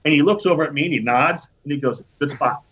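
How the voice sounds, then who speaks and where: A husky, slightly higher-pitched man spins a casual story, acting out what each person said and swearing freely. The recording sounds dull and lo-fi. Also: fast talker. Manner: animated storytelling with profanity and acted-out quotes. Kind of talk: casual anecdote.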